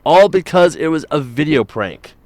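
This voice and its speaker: A man's voice: fairly high pitch, lively intonation, moderate pace, a little mellow, no echo. Upbeat male morning show host. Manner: rambling, jokey storytelling with many fillers. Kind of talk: casual radio-style chat.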